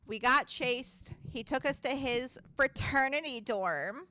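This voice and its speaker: A woman's voice: high voice, slow, bright, forceful tone, dry recording. A woman streaming a game, chatting casually, swearing freely and laughing often. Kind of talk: casual gaming commentary.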